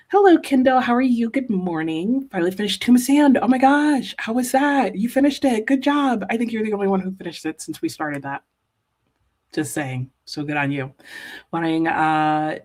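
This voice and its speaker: A woman's voice: medium pitch, darkish tone. A woman hosting a live reading stream, chatting casually and reading out viewers' comments with frequent "ooh"s and "uh"s. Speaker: livestream host reading chat.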